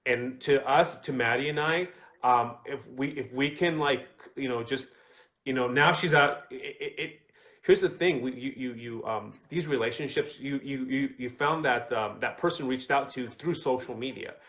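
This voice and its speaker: Co-host, male, mid-pitched voice, rambling and enthusiastic, casual podcast. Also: moderate pace, fairly bright tone. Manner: rambling, many fillers and restarts. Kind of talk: casual business chat.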